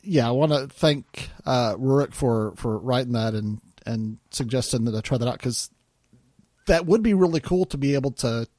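A man's voice: medium pitch, normal speed, darkish tone, dry recording, studio quality. A man from Arkansas co-hosting a podcast, talking casually with lots of fillers and restarts. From Arkansas, United States. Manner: hesitant, many fillers and restarts. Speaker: podcast co-host. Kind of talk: casual chat.

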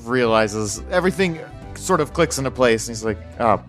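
A man's voice: medium pitch, expressive, a little fast, fairly bright tone, faint music behind. A man chatting as a player, explaining his character's moment. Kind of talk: casual chat.

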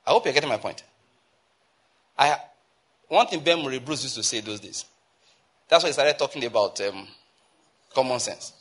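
Husky-voiced Nigerian pastor preaching emphatically. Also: male voice, medium pitch, expressive, fairly bright tone. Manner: emphatic preaching, rising to urgent exhortation and slowing to stress phrases. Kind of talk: sermon.

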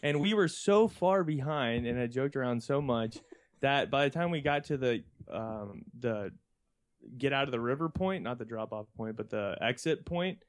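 A young man spins a long, meandering anecdote among friends on a podcast. He keeps chuckling mid-sentence, and restarts and asides pile up as he goes. His tone is relaxed and conversational. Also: medium pitch, moderate pace. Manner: rambling, laughs often while talking. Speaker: podcast co-host. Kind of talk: casual chat, anecdote telling.

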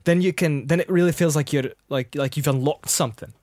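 Slightly high-voiced man, dry close sound. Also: darkish tone, dry recording. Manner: halting, restarts often while practicing an accent. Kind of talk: casual chat.

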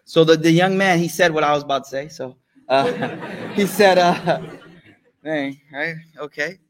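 A man's voice: a little high, moderate pace, a little hiss or hum. Slangy man teaching a study circle. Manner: slangy, animated, asks the audience questions; mixes in recited religious phrases. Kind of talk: casual sermon to a live group.

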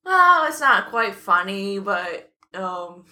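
A woman with a bright, clear voice chats casually as a podcast co-host. She laughs along and tells her own small stories in an easy, conversational way. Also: medium pitch, very animated, slow. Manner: chatty, laughs along, short reactions. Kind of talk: casual chat.

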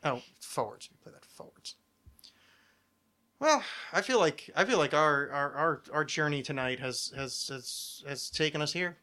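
A man's voice: on the high side, lively intonation, moderate pace, hardly any pauses, sharp tone. A man from New Jersey hosting a podcast, with a light, not resonant voice and a rambling, jokey way of talking. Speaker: podcast host. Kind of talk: casual podcast chat.

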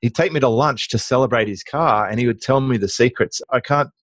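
A middle-aged man chats as an interview guest, spinning anecdotes with energy and stumbling restarts. His voice sits at an ordinary mid pitch. The recording is dry, with no room sound. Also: a little fast, dry recording. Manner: lively anecdotal, with frequent restarts. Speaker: guest, online marketing business owner. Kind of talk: conversational interview storytelling.

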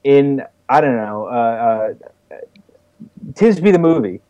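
A man co-hosting a podcast who poses questions in a hesitant, halting way. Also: mid-range voice, expressive, mellow. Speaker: podcast co-host. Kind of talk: casual podcast banter.

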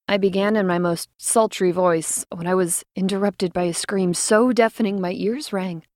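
A woman narrating a first-person story with dramatic, expressive delivery, dropping to a whisper in tense moments. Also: fairly low pitch, no echo, clean studio sound.

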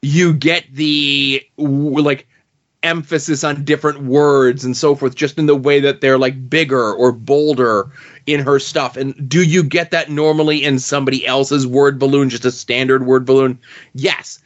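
A man's voice: mid-range voice, level tone, unhurried. A man co-hosting a casual comic book podcast, making thoughtful points at length. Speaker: podcast co-host. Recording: dull lo-fi podcast audio.

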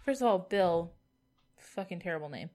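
A woman on a podcast with a lively, bouncing voice that swings up and down. She chats casually with friends, laughing and exclaiming often. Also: on the low side, moderate pace, crowd noise. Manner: animated, giggly, exclamatory. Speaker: podcast co-host. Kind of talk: casual chat.

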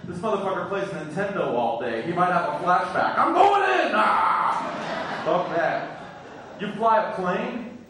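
A man's voice: sits high, moderate pace, noisy background. A man doing stand-up comedy in a club, brashly teasing the crowd with crude jokes, heard from far off in an echoey room.

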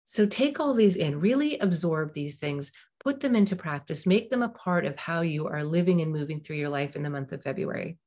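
A middle-aged woman hosts a parenting podcast, speaking in a slightly low voice. She gives advice in a warm, animated way and slips into little example dialogues as she goes. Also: a little fast, few pauses.

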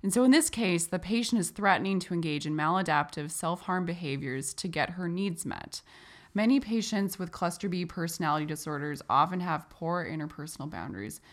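A woman hosting and instructing in a clear, explanatory way. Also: on the low side, expressive, fairly quick. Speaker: host and instructor. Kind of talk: educational explanation.

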